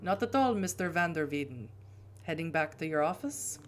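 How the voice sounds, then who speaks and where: A woman's voice: deep voice, animated, normal speed, faint music behind. A woman voicing a composed, stern male vampire sheriff who speaks in a cold, formal, clipped way. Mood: polite.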